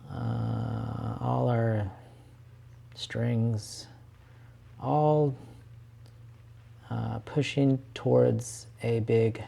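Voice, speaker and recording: Gravelly, slow-talking man teaching orchestration. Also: medium pitch, warm tone. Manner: casual, thinking aloud with fillers and restarts. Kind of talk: screen-share music lesson.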